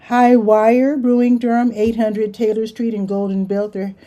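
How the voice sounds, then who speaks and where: Chatty woman reading a events rundown, mellow. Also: on the high side, level tone, measured pace, lo-fi sound. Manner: chatty, reads schedules aloud with asides. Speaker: community events host. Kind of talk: casual live-stream event rundown.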